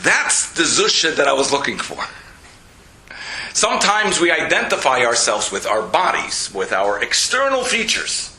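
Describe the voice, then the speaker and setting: A man, a rabbi, giving a storytelling lecture, animated, jumping his pitch to act out quotes. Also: normal speed. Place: lecture hall. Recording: roomy lecture hall echo.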